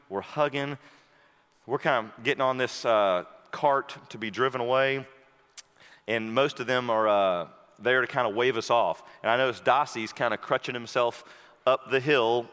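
A man preaching a sermon, telling a story and then moving into a quiet, intimate prayer. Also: medium pitch. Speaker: pastor. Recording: long hall reverb.

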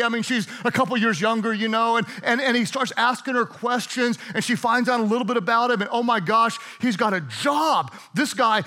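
A man's voice: very high-pitched, sharp tone. A middle-aged man preaching a sermon, retelling a story in a playful, chatty way and laughing often. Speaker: pastor.

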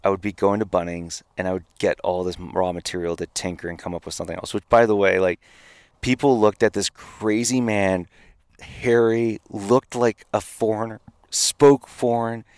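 A man, a podcast guest telling an animated story and swearing now and then. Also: on the low side, moderate pace, clean tone, dry recording. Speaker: podcast guest, company founder. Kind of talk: storytelling in a casual interview.

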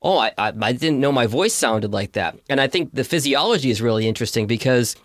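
A man, a podcast host and former radio DJ, talking in a relaxed, chatty way. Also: medium pitch, brisk, no room sound, clean studio sound. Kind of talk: podcast interview.

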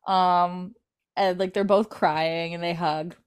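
A woman podcast host recaps a TV episode in casual chat. She talks in a chatty way with lots of fillers, and her voice sits on the lower side. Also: steady tone, slow pace, clear, resonant tone. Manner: chatty, many fillers, retells scenes.

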